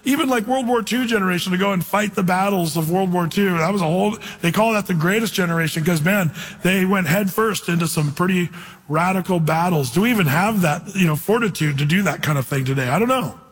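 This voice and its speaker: A man with a fairly high, husky voice delivers a sermon in a relaxed, chatty manner, telling stories and slowing down to read scripture. His voice carries a long reverb, as if from a church sanctuary. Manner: conversational, storytelling, slows for scripture reading. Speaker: pastor.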